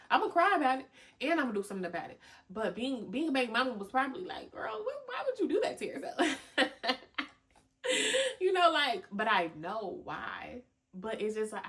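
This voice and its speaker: A young woman hosting a podcast, giving animated motivational talk full of slang, cussing and laughter. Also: on the high side, fast. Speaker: podcast host. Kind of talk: motivational casual talk to listeners.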